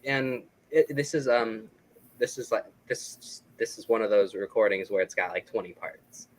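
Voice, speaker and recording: A man's voice: lowish voice, moderate pace, slight background noise, rough recording. A man talking casually as an interview guest, explaining his records with lots of fillers and restarts. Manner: rambling, filler-heavy, enthusiastic explaining.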